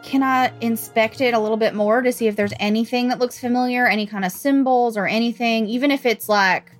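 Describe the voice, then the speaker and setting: A woman's voice: fairly high pitch, fairly even intonation, a little fast, faint music behind. A woman playing a tabletop game, chatting casually and asking about rolls. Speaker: player.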